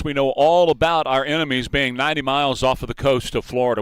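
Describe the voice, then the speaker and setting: A man's voice: medium pitch, fairly bright tone, clean tone, no echo. A man hosting a morning talk radio show, enthusiastic and partisan, laughing often on a studio microphone.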